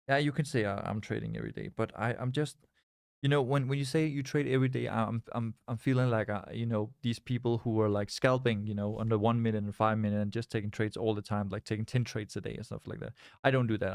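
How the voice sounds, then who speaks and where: A man's voice: on the low side, steady tone, fairly quick, vocal fry, a little mellow, no echo, studio quality. Man rambling on a live stream. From Scandinavia. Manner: rambling, repeats words and restarts, reads chat aloud. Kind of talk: casual live-stream chat.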